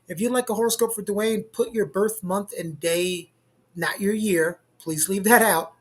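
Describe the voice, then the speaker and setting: A man's voice: high voice, a little slow, a bit bright, breathy edge. A man producing and co-hosting a livestream, chatting casually in a teasing, exasperated way over a video call.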